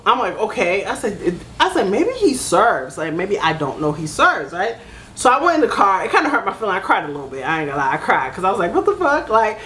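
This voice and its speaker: Lively storytelling woman, faint room noise. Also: medium pitch. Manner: animated, swears freely, keeps saying "baby" and "right?", acts out both sides of a fight. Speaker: storytime vlogger. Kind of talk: casual storytime monologue.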